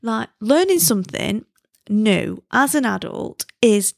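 A British woman talking in a relaxed, chatty way, quick to poke fun at herself. Her voice has a gravelly, fry-tinged texture, and the recording is close and dry with no room sound. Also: fairly high pitch, dry recording. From Britain. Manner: chatty and self-deprecating, laughs at herself. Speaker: podcast host. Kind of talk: casual chat.

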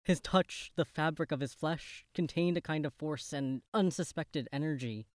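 A man narrating a gothic horror story in the first person, in a measured, literary storytelling manner. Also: on the high side, dry recording, studio quality.

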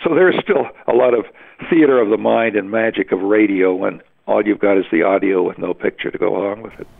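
An older man from Western Canada, a veteran radio announcer, telling his story in an oral history interview with halting, rambling restarts. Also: fairly low pitch, creaky. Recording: phone-like narrow sound.

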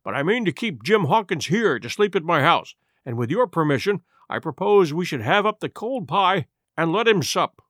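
Man doing a shrewd storybook doctor, measured and reasoning, dry close sound. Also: fairly high pitch, sing-song, a bit bright, dry recording. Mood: composed. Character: calm, shrewd male country doctor.

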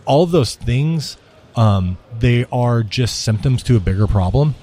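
A man's voice: medium pitch, lively intonation, a little slow, mellow. A man who runs a restaurant tech company, talking in a casual interview, rambling and repeating himself, often tagging "right?".

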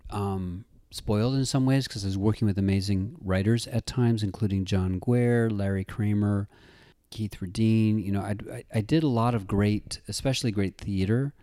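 A middle-aged man in a casual interview, telling stories in an animated way and acting out the people he quotes. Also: fairly low pitch, normal speed, no echo. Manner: animated storyteller, acts out quoted voices. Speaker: interview guest, actor-writer-director.

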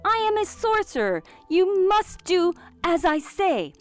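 Woman voicing Mickey, a lively cartoon mouse. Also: extremely high pitch, a little slow, pitched above the performer's own voice, heavily acted. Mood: frantic commands. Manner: excitable, bossy commands. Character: eager young male cartoon mouse apprentice.

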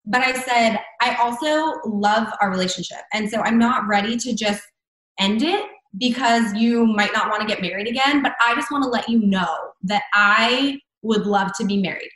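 A fairly high-voiced woman tells a story in a relaxed, chatty way, filling her sentences with "like." The sound is roomy and echoey. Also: normal speed. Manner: chatty, many fillers and "like". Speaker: guest. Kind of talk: casual storytelling.

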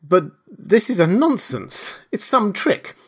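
A startled, skeptical doctor , voiced by a man reading an audiobook, whose voice jumps high with disbelief. He sounds flustered and incredulous, his pitch climbing well above a calm speaking level. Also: a little slow, full character voice.

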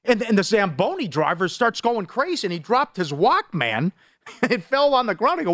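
Animated middle-aged sports radio co-host. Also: male voice, sits high, normal speed, no echo, clean studio sound. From Superior, Wisconsin. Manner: animated, storytelling, jumps between topics. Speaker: sports betting show co-host. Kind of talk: casual sports radio banter.

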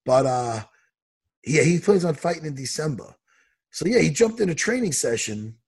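A man's voice: on the high side, lively intonation, moderate pace, gravelly, darkish tone, breathy edge. A man, an MMA coach, chatting casually on a podcast, ranting heatedly and swearing a lot. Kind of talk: casual chat.

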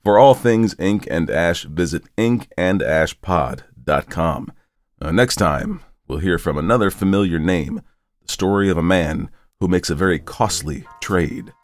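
Hoarse male podcast narrator, deep and gravelly, measured and solemn. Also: dry recording, clean studio sound. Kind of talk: scripted story narration.

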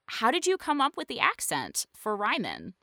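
A woman's voice: a little high, huge pitch swings, moderate pace, gravelly, fairly bright tone, no echo, clean studio sound. A woman hosting a podcast, chatting casually and laughing often. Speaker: podcast host. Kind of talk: casual chat.

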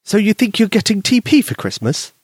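A man's voice: high-pitched, sing-song, brisk, husky, dry recording, clean studio sound, voice pushed up, exaggerated voice. A man playing a cautious little imaginary boy. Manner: warning, teasing tone.

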